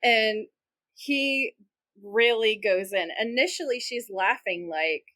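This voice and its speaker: A young woman co-hosting a podcast animatedly retells scenes in a casual recap chat, quoting the characters in her own voice. Her medium-pitched voice sounds pushed and bright. The audio is poor.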